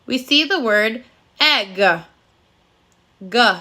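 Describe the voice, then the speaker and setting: A woman's voice: high-pitched, lively intonation, slow, bright, forceful tone. A woman teaching a recorded phonics lesson to first graders, speaking in a cheerful, sing-song voice and praising the children often.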